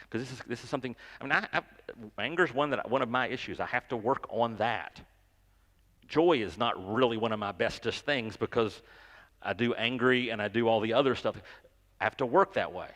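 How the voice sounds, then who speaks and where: Brief: male pastor, mid-pitched voice, chatty sermon with stammered repeats, hall reverb. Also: fairly bright tone. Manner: conversational, self-deprecating, stammers and repeats words. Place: church sanctuary.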